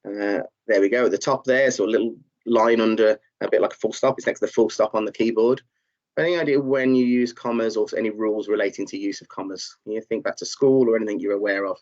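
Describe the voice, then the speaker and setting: A man's voice: fairly low pitch, steady tone, quick pace, a little mellow. A man teaching a live online lesson, encouraging learners and reading out their chat answers, with many fillers. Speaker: tutor. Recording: slightly dull, muffled audio.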